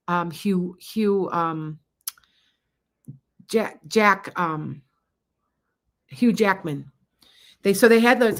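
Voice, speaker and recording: A woman's voice: mid-range voice, fairly bright tone. Middle-aged lady doing tarot on a stream, rambly and chatty, talks over herself. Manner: chatty, rambling, with laughs and restarts. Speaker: psychic tarot reader. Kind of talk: live-stream tarot reading and chat.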